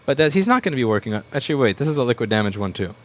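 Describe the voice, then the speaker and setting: A man's voice: medium pitch, very animated. A repair shop owner ranting bluntly and with plenty of swearing as he works at his bench. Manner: blunt and sweary, with quick mocking asides. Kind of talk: profane ranting while working.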